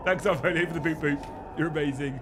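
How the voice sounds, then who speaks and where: A man's voice: fairly high pitch, fairly even intonation, quick pace, very noisy. Joking, swearing young man hosting a stream. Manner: joking, swearing, thanking viewers, laughing a lot. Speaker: livestream host. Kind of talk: casual live-stream chat.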